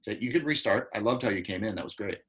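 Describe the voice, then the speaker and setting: A man's voice: fairly low pitch, lively intonation, a little hiss or hum, rough recording. Man coaching actors over a video call. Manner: directive, coaching with quick repeated instructions. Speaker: acting coach. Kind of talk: live online acting class.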